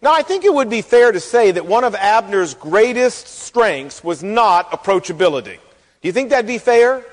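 A man preaching a sermon as pastor, folksy and animated, acting out the quotes in the story. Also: sits high, moderate pace. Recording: long hall reverb.

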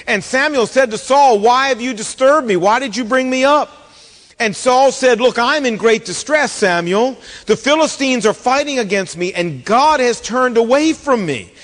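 A man preaching a sermon, retelling a Bible story with expressive delivery and acted-out quotes. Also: very high-pitched, normal speed, in a large hall. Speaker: pastor.

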